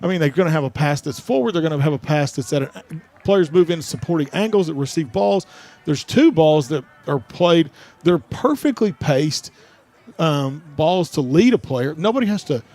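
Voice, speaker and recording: A man's voice: fairly high pitch, lively intonation, normal speed, darkish tone. A man giving sports commentary from a stadium press box, out of breath, talking with eager, rambling enthusiasm and frequent restarts. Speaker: color commentator.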